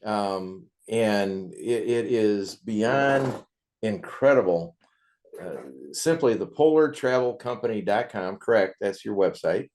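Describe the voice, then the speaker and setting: A man's voice: on the low side, slow, darkish tone, a little hiss or hum. A man hosting an interview, chatting in a rambling, enthusiastic way between his questions. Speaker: interview host. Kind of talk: casual interview chat.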